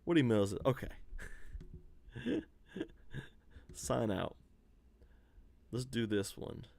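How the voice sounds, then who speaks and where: A man's voice: medium pitch, very animated, slow, creaky, dark tone. A man hosting a casual livestream chat over a video call, laughing often and talking in easygoing slang. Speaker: podcast host. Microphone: home computer mic on a video call.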